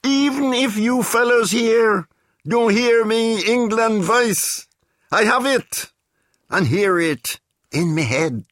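A determined man, as a male reader voices him, vowing to leave his island speech behind. He declaims slowly and grandly, parroting refined phrases in a fairly high voice. The sound is dry and close. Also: lively intonation, fairly bright tone, no room sound, full character voice. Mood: proud, determined. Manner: proud, declamatory, mimics posh phrases. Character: Caribbean man drilling a proper English voice. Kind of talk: dramatic reading.

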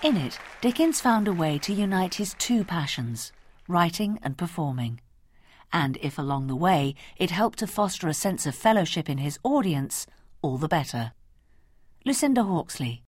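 A woman narrates a documentary script with a low, lively voice. Her tone is husky and the recording is very dry. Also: dry recording. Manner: measured, expressive. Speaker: documentary presenter.

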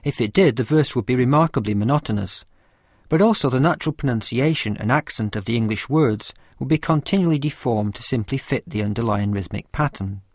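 A man reading a scripted lesson with a measured, careful explanatory delivery. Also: mid-range voice, lively intonation, dry recording, studio quality. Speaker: teacher of poetry. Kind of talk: scripted lecture narration.

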